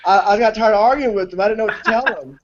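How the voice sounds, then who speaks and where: High-voiced man telling animated stories. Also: very fast. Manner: animated, tells anecdotes with voices. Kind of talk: casual storytelling chat. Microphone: online call. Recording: dull lo-fi call audio.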